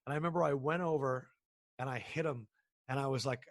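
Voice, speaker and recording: A sports broadcaster in his thirties appears as an interview guest, telling casual stories in a mid-range voice recorded close and dry. He's animated, acts out other people's lines, and often restarts his sentences.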